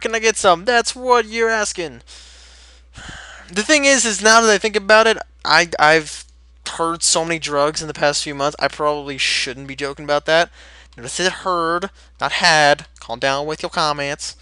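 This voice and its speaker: A man's voice: fairly high pitch, normal speed, sharp tone, clear, resonant tone, no echo. A young man, rambling energetically as he chats through a gameplay commentary. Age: late teens. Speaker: Let's Play host.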